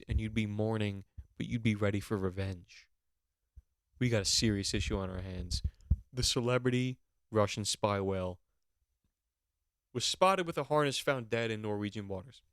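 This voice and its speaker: A man hosting a podcast, going on an animated, mock-outraged comedic rant with plenty of swearing. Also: on the low side, clean tone, dry recording, clean studio sound. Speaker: podcast host.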